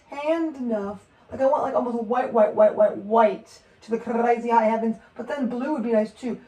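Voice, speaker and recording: A woman's voice: sits high, a little mellow. A woman hosting a casual nail art tutorial, thinking aloud in a rambling, chatty way that keeps correcting itself.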